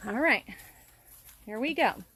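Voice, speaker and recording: Woman, wildlife educator, somewhat high voice, cheerful kids' lesson, outdoors by a pond. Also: lively intonation, slow, background noise. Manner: cheerful, explanatory, talks to the audience as "guys". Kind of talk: live-streamed nature lesson for children.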